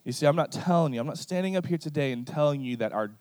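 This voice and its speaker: A man's voice: fairly high pitch, expressive, fast talker, a little mellow, dry recording. A man preaching a sermon in a conversational way, often asking his listeners "right?" and acting out short quoted exchanges. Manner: illustrative, acts out quoted exchanges.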